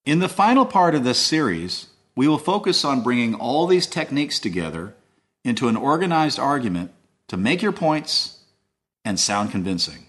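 A man hosting a scripted language lesson, explaining in a measured way. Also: medium pitch, very animated, fairly bright tone. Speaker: host.

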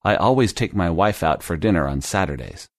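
A man's voice: deep voice, expressive, a little fast, dry recording, clean studio sound. A man playing an earnest young male office worker in a scripted lesson dialogue, reassuring his boss.

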